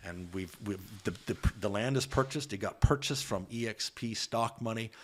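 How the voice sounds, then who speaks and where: Low-voiced guy talking earnestly on a podcast, lots of restarts, gets emphatic. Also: moderate pace, fairly bright tone. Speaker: guest. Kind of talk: candid podcast conversation.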